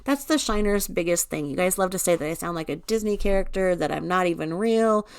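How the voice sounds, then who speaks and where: A woman's voice: lively intonation, brisk, clean tone, dry recording, clean studio sound. A woman hosting a casual true-crime live stream, reading viewer comments aloud and answering bluntly, sometimes swearing and dropping to a mutter. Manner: often drops to a low mutter while reading the screen. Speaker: true-crime video host.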